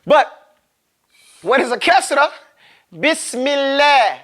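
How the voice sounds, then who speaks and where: A man teaching Quran recitation in a classroom, speaking casually, joking and quizzing his students while sounding out words slowly. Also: very high-pitched, lively intonation, a bit bright.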